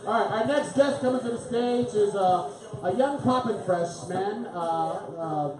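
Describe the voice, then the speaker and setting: A man's voice: high-pitched, measured pace. A man co-hosting a live comedy show, joking with the crowd and bringing up the next act. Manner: lively, joking, hypes the acts. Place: comedy club stage. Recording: echoey club room with music.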